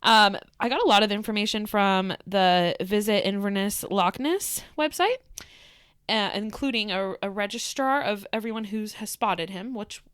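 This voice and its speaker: A woman co-hosting a podcast in casual chat, bubbly and quick to laugh as she tells stories. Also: medium pitch, smooth, dry recording, studio quality. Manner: bubbly, laughs often, animated storytelling. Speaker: podcast co-host.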